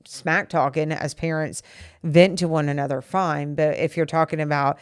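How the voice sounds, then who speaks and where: A woman's voice: deep voice, steady tone, normal speed, smooth, no echo, clean studio sound. A woman co-hosting a podcast, talking earnestly and at length with her partner about a disagreement. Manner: earnest, explaining at length with restarts. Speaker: podcast co-host. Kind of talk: candid couple conversation.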